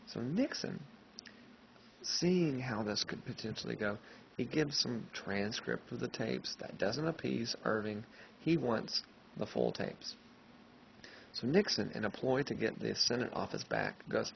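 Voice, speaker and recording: A man's voice: on the low side, unhurried, creaky. A male history teacher giving a casual, conversational classroom lecture who keeps checking in with his listeners, on a dull lo-fi recording. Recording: dull lo-fi recording, faint noise.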